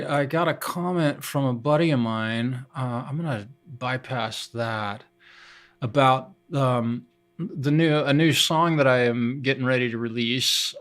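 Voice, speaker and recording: A man's voice: on the high side, fairly bright tone. A man streaming live from his home studio, chatting casually and thinking aloud with many fillers and restarts while troubleshooting his setup.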